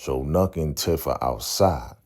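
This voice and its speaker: A man's voice: extremely low pitch, unhurried, darkish tone. A man hosting a casual TV episode recap, laid-back and conversational, often checking in with "right?" and acting out the characters' lines. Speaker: TV recap channel host.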